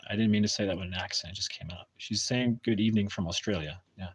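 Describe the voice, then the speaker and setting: A man's voice: fairly low pitch, fast talker, slightly rough. Hesitant man chatting on a live stream. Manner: hesitant, many restarts and fillers. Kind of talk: casual live-stream chat.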